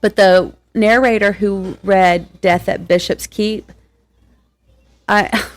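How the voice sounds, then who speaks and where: An American woman co-hosting a casual book podcast, chatty and quick to laugh, often restarting her sentences. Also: medium pitch, fairly even intonation, no echo. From United States. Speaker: podcast co-host. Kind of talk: casual chat about audiobooks.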